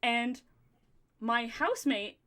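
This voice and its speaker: A woman's voice: fairly high pitch, animated, slow, a bit bright. A woman hosting a podcast in casual chat, talking in loose, rambling runs and laughing often. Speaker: podcast host.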